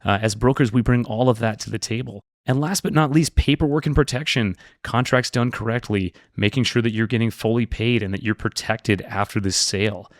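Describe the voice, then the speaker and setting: A man's voice: medium pitch, fairly quick, few pauses, no echo, studio quality. A man working as a business broker, presenting an explainer video in a direct, upbeat teaching tone.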